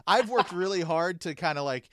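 A man's voice: high-pitched, expressive, normal speed, no echo, studio quality. A man hosting a podcast, chatting casually and reading off plugs and thank-yous in an upbeat way. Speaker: podcast host. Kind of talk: casual chat and show outro.

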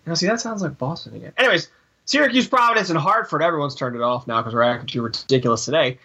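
A man's voice: on the high side, animated, quick pace, vocal fry, sharp tone, highs cut off. A man co-hosting a casual sports podcast, rambling through scores with jokey asides. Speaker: podcast co-host.

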